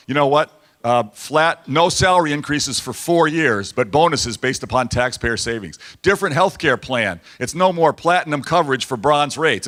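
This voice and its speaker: In a banquet hall at a dinner event, a man speaking as a governor gives a campaign-style speech in a mid-range, slightly bright voice. He tells stories with quoted back-and-forth and repeats lines for emphasis.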